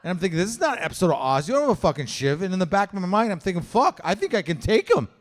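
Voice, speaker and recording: Young male stand-up from Canada, crude and chatty, a bit high-voiced, slips into character voices. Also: sing-song, rapid-fire. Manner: crude, conversational, acts out voices in his stories. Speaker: stand-up comedian. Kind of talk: stand-up comedy set. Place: comedy show stage with live audience.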